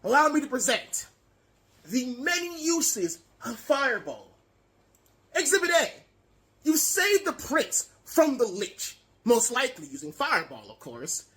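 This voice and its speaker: A woman's voice: high-pitched, very animated, unhurried, fairly bright tone, heavily acted. A woman voicing a pompous, greedy male half-elf archmage giving a comic campaign speech in a tabletop game. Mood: salesy. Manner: boastful, theatrical, stammers when worked up.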